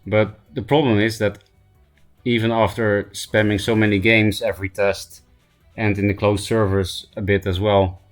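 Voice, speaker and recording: Hoarse low-voiced man streaming a card game. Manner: self-mocking, thinking aloud, frequent throat clearing. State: hoarse from laughing. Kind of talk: casual gameplay commentary.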